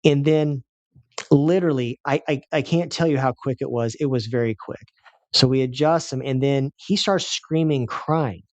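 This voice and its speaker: Male chiropractor, mid-pitched voice, close and dry, animated storyteller. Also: moderate pace, no room sound. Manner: animated storyteller who acts out quoted voices. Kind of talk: personal storytelling talk.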